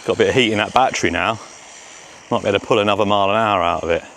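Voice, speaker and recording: A man testing a remote-control car outdoors by a road, chattering excitedly to himself as he films. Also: lowish voice, rapid-fire, a little hiss or hum. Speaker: RC car vlogger. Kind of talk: casual self-narration while testing.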